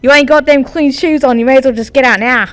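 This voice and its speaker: A woman's voice: high voice, fast talker, lightly acted. A woman putting on a brash mock-Australian accent to play a blunt border guard.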